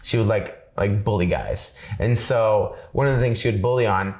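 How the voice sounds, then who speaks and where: Low-voiced man rambling through a story. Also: moderate pace, darkish tone. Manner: rambling, self-interrupting, laughs often, acts out quoted dialogue. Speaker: interview guest. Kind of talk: casual storytelling chat.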